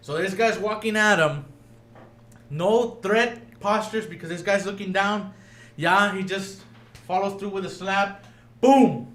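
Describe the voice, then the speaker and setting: A man with a fairly high voice chats on a podcast, telling a story with animation and acting out what others said. He switches between Spanish and English mid-sentence. The room around him is echoey. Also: unhurried, fairly bright tone. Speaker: podcast host. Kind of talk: casual chat.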